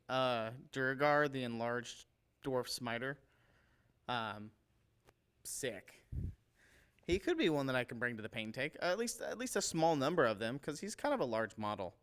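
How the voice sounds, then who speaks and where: A man chats casually on a livestream, rambling and enthusiastic, often stumbling over names. His voice sits at a medium pitch, like most men's. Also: a bit bright, smooth. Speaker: livestream host showing painted miniatures.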